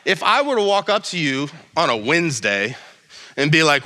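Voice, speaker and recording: A man's voice: on the high side, very animated, normal speed, sharp tone, long reverb tail. A male pastor giving a casual, joking sermon with many restarts and reading scripture aloud.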